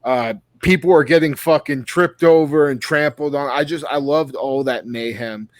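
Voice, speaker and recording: Dude gushing about horror kills, swears constantly, kinda high voice, dry close sound. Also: male voice, moderate pace, dry recording. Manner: profane, enthusiastic, rambling with restarts. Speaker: podcast co-host. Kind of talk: casual horror movie review chat.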